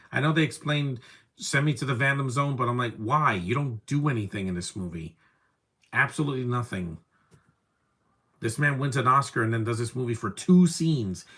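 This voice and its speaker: A young man giving casual live commentary over a movie, wry and opinionated, often trailing off into quiet asides. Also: medium pitch. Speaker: film commentary host.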